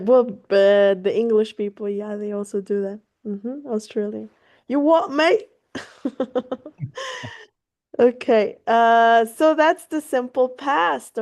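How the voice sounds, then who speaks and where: Slow, higher-pitched woman tutoring Spanish. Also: a little mellow. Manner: casual, encouraging, swears offhandedly, laughs easily; mixes Spanish into English explanations. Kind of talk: online one-on-one language lesson.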